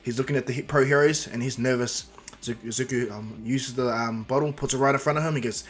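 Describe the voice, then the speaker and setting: A man's voice: medium pitch, fast, soft background music. A man casually narrating a fan-made superhero story, rambling with fillers and restarts.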